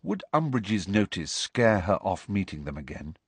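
A man's voice: sits low, normal speed, slightly rough, no room sound. A man narrating a novel as an audiobook, telling it expressively. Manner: expressive storytelling. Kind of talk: scripted narration.

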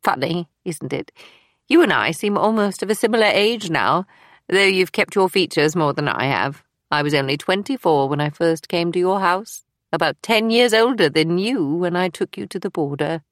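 A brisk older spymaster with a dry, matter-of-fact edge and a lowish voice, as a woman reads her in an audiobook. The recording is close and dry. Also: expressive, no echo, natural voice. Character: older woman, former wartime intelligence officer, brisk and wry. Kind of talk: audiobook character reading.

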